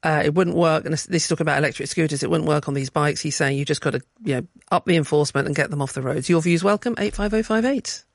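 A male radio presenter pressing a guest with brisk questions. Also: a little high, creaky, dry recording, studio quality. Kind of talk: radio interview.

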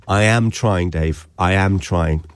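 A man hosts a radio show in a chatty, rambling way and cracks jokes as he goes. His voice sits very low. The studio sound is dry and close. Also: takes it slowly, clear, resonant tone, dry recording. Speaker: radio host. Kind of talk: casual radio chat. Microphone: studio mic.

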